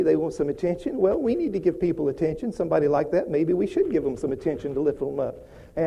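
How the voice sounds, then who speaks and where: A man's voice: high voice, warm tone, muffled recording. A man preaching a sermon, repeating phrases and building to emphatic declarations. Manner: repetitive, rising to emphatic declarations.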